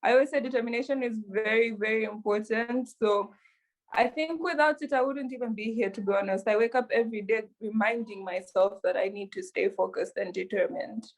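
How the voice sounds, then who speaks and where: A woman being interviewed about running her businesses, answering in an earnest, measured way with frequent fillers. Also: on the high side. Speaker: interview guest, entrepreneur.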